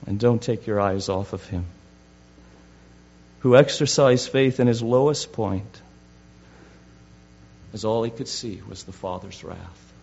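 A man preaching a sermon fervently, swinging from loud declarations to hushed words, on a dull recording with hum. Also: lowish voice, measured pace, vocal fry, pauses often.

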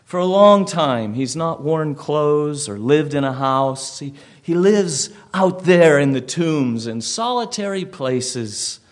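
A man's voice: a little high, lively intonation, slow pace, hardly any pauses. A preacher playing a wary local male host who grimly tells of a dangerous neighbor.

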